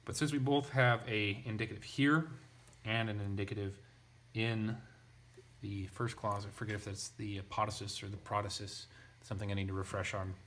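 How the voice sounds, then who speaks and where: A man's voice: fairly low pitch, fairly even intonation, normal speed, a bit bright. A young man teaching ancient Greek grammar in a casual lesson, thinking aloud with asides and restarts.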